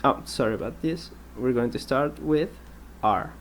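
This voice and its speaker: A man teaching an English grammar lesson, patient and explanatory, repeating example sentences and pausing with ums. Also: mid-range voice, slight background noise.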